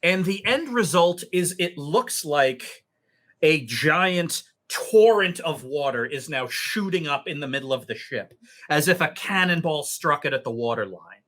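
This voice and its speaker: A man narrating a tabletop game as game master, telling the story in an unhurried way with many fillers. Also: fairly high pitch, expressive, a bit bright.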